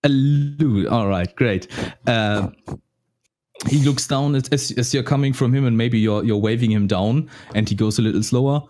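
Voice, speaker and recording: A man's voice: medium pitch, normal speed, darkish tone. A man with a German accent narrating a tabletop game as dungeon master, often restarting and repeating words.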